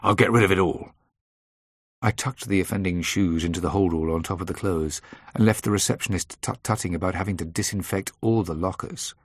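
A man reading a first-person thriller aloud in a measured, dry storytelling manner. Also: sits low, steady tone, no echo. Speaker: audiobook narrator.

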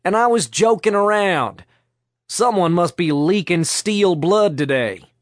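A man's voice: high-pitched, lively intonation, measured pace, dry recording, studio quality, pitched above the performer's own voice. A man voicing a cocky young man who teases smugly. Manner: smug and teasing.

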